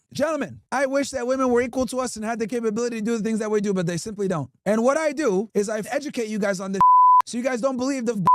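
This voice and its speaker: Bright, forceful, and very high-pitched, this man's voice carries a mocking, emphatic rant aimed at his live chat. He is a streamer and podcast host, and he fires off plenty of rhetorical questions.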